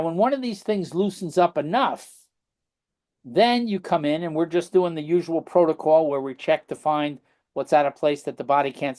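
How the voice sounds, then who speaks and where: A middle-aged man, appearing as a guest practitioner, rambles through anecdotes in a casual interview, constantly checking in with tag questions. His voice is a little high with a darkish tone.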